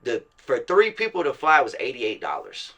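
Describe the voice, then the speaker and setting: Southern rapper guy as interview guest, swears freely, acts out quotes, tense bright tone. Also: mid-range voice, wildly swooping pitch, moderate pace. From Virginia and Florida, USA. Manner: profane street slang, acts out quotes. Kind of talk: casual storytelling interview.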